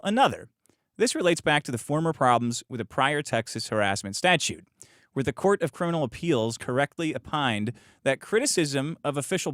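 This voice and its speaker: A man's voice: mid-range voice, a bit bright, no room sound, clean studio sound. A man hosting a show, reading legal documents aloud and breaking off into profane, sarcastic rants and mocking asides. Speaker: podcast host.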